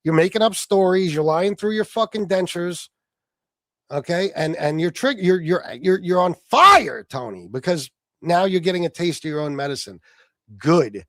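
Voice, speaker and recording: A man hosting a livestream, arguing in a heated, profane and mocking way, sometimes shouting. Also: sits high, expressive, normal speed, no echo, studio quality. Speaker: livestream host.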